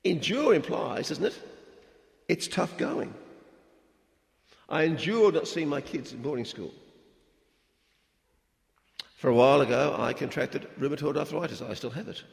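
A middle-aged male missionary preaching with a gravelly, fry-edged voice. He talks in a conversational, animated way and often restarts his sentences. His words ring out in a reverberant church hall. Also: a little high, unhurried, pauses often. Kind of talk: sermon. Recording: echoey hall with long reverb.

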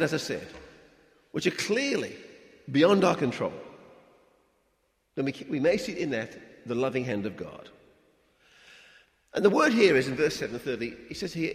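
A middle-aged man, a missionary preacher, giving a conversational, animated sermon with stammered restarts. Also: on the high side, moderate pace, pauses often. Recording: echoey hall with long reverb.

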